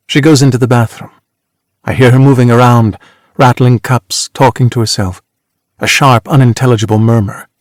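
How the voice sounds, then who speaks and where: A man narrating an audiobook in the first person, with a measured, reflective delivery. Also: mid-range voice, steady tone, no room sound, clean studio sound. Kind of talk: scripted narration.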